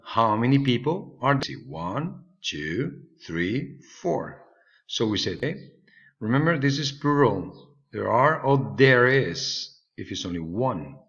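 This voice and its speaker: A man's voice: mid-range voice, a bit bright. A man whose first language is Spanish, patiently teaching an English lesson and checking in with "okay?" often. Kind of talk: recorded online English lesson. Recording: slightly dull lo-fi recording.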